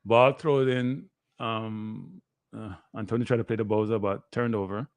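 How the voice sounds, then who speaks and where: Excitable man calling a match. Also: on the low side, unhurried, no room sound. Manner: excitable, play-by-play that bursts into shouting. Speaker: guest analyst. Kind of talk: live watchalong match commentary.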